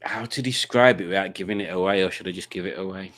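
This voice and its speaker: A man's voice: deep voice, quick pace, fairly bright tone. Rambling man hosting a live quiz stream. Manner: rambling, stumbling restarts, teasing. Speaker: livestream host. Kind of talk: casual chat reading comments.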